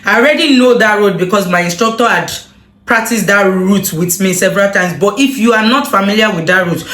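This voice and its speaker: A woman telling a personal story to her viewers, animated and full of exclamations. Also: medium pitch, fairly quick, echoey room. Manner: animated, emotional retelling with exclamations. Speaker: vlogger. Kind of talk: casual storytelling to camera.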